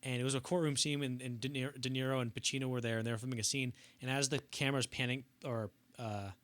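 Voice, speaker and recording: Fast-talking bright young man, anecdotes. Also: medium pitch, fairly even intonation, no echo. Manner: rambling anecdotes, acts out quotes in bursts. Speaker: podcast co-host. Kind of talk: casual film podcast chat.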